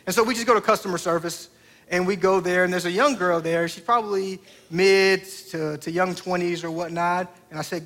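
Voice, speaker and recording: A man's voice: high-pitched, normal speed, a bit bright. A man in his thirties, a pastor preaching a sermon through a family story, talking conversationally and putting direct questions to the congregation.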